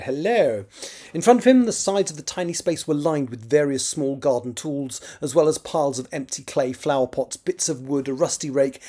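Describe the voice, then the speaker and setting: A man's voice: medium pitch, a little mellow. A man reading aloud from his own novel draft. He often corrects himself and adds wry muttered asides. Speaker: writer.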